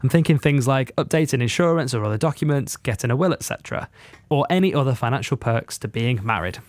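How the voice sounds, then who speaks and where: A man co-hosting a podcast, reading a listener's email aloud in a measured way. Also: medium pitch, lively intonation, darkish tone, dry recording.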